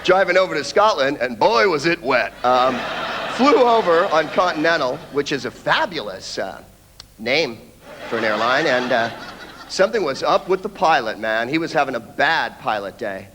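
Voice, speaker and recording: A man's voice: medium pitch, very animated, normal speed, big-room sound, noisy background. A man with an American accent performing a sardonic, laid-back stand-up routine. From United States. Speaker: stand-up comedian. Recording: live stage in a theatre with audience.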